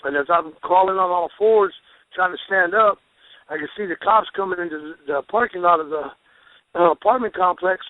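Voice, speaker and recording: A man who is a pro wrestler, a guest telling rambling, animated stories with restarts and folksy exclamations. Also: sits high, a little fast, dry recording. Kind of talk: storytelling interview. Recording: phone line, dry.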